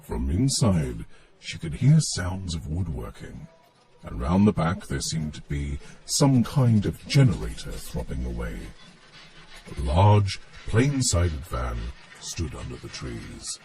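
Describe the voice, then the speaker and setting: Brief: male storybook narrator, very deep, unhurried, animated pitch, soft music underneath. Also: gravelly. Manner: measured, expressive storytelling. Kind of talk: storybook reading.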